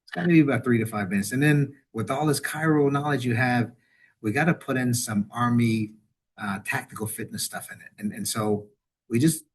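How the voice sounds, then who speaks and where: Fairly quick and husky, with a medium pitch, this middle-aged university veterans director talks as a webinar guest via video call. His conversational interview answers ramble, with restarted sentences and repeated words, and he livens up whenever he's quoting.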